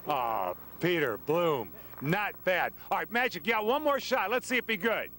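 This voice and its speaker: A man anchoring a live TV sports segment outdoors, lively and joking with his guests. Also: high voice, normal speed.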